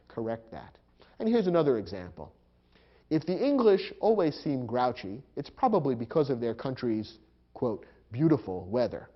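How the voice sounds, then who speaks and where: A man teaching a grammar lesson, explaining punctuation clearly and patiently. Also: medium pitch, muffled recording.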